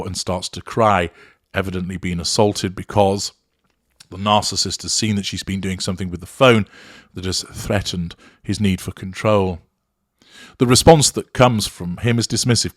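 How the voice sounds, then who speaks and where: A man giving measured, analytical commentary on a recording, dissecting what is said in a clinical and emphatic way. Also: sits low, fairly even intonation, no echo, clean studio sound. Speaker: narcissism commentator.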